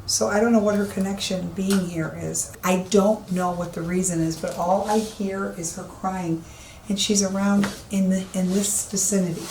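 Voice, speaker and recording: A woman's voice: medium pitch, steady tone, normal speed, darkish tone. Lady medium walking thru an old empty building, keeps repeating herself, echoey. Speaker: psychic medium. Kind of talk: walk-through commentary. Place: empty old police station indoors. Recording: echoey room, faint background hiss.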